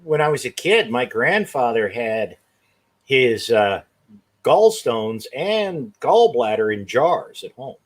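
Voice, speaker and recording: Husky man with a lively voice. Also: mid-range voice, slow. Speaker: podcast guest. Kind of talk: casual chat.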